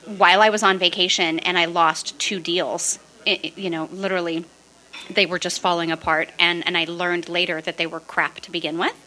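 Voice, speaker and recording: Bright, animated woman telling her story. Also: lowish voice, normal speed. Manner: animated, laughing, acts out quoted voices. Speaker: podcast guest, real estate investor. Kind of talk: casual interview storytelling.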